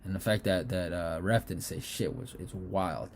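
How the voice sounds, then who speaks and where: A man giving a casual, excitable fight breakdown, swearing freely and throwing in animated asides. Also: low voice, moderate pace, slight background noise. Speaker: fight analyst.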